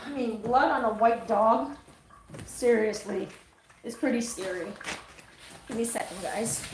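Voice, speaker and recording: There's background noise and room echo, and the mic is distant from this fairly high-pitched woman. A middle-aged dog groomer from Canada, she chats on a livestream in her grooming room, telling a story that rambles and corrects itself.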